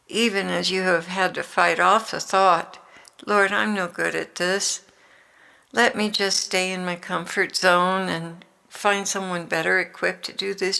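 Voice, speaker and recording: An older woman reading the words of Jesus as a gentle, loving divine man, with tender, encouraging exhortation in a devotional reading. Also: medium pitch, creaky, full character voice.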